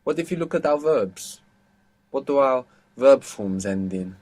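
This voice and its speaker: A man teaching Spanish in a live online lesson, explaining patiently and slowing down to dictate phrases. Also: mid-range voice, animated, darkish tone. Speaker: Spanish tutor.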